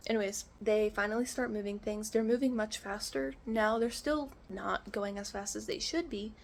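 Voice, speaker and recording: A young vlogger with a creaky, medium-pitched voice rants at a moderate pace in a casual storytime, clearly exasperated, swearing often and overusing "like." The echoey indoor room carries slight background noise.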